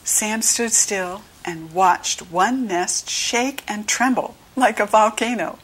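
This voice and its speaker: Reading along from a storybook, this American woman narrates slowly and clearly for little ones, as a teacher would. Quoted children get a brighter pitch.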